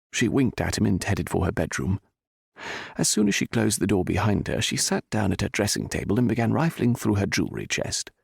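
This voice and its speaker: A male audiobook narrator reading a romance in an expressive, scripted style. His voice is gravelly with lively pitch, recorded close and dry. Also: no echo.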